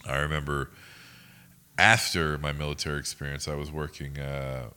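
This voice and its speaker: A man's voice: a bass voice, little pitch movement, normal speed, pushed and bright, clean tone. A young man co-hosting a podcast, telling rambling, profane stories in casual chat. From United States. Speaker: podcast co-host.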